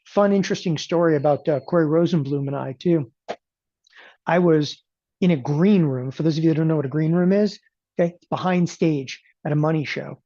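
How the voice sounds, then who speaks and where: A middle-aged man giving a casual, emphatic sales talk for a trading event, rambling and often clearing his throat and tossing in "okay?" asides. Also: a little high, fairly quick, dark tone, no echo, muffled recording. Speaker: trading educator promoting a live event.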